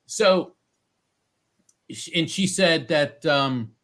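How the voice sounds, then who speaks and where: An American man who works as a psychic medium guests on an interview podcast, speaking in a slightly high voice and drawing out his words. He's an animated storyteller who acts out the voices of the people he quotes.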